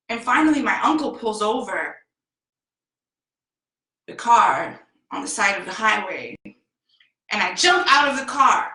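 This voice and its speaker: A woman vlogger telling a personal story in a slow, heartfelt and emphatic way. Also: medium pitch, bright, forceful tone, roomy sound, low-quality recording. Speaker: self-help vlogger.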